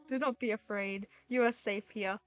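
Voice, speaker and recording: Toriel, a woman voicing a gentle goat mother. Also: medium pitch, steady tone, moderate pace, soft background music, close to an everyday voice. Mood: tender. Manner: soft, formal and caring. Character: gentle motherly goat-monster queen, kindly and fussing.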